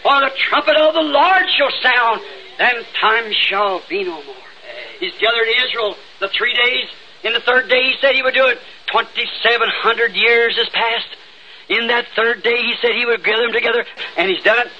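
A man with a Southern accent preaching an old-time revival sermon, fervent and breaking into sudden shouts, recorded in a church. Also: very high-pitched, moderate pace. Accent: Southern United States. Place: church sanctuary. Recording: dull lo-fi 1960s tape with faint hiss.

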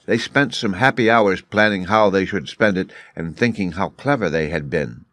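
A man reads a story aloud for English learners in a clear, measured way. His voice sits on the low side. The sound is dry, with no room echo. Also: expressive, fairly bright tone. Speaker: narrator.

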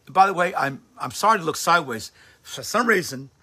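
A man's voice: a little high, expressive, brisk, pushed and bright, slightly rough. A man who is a pastor, giving a conversational sermon on a livestream with emphatic bursts. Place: home livestream setup. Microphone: phone or webcam on a livestream.

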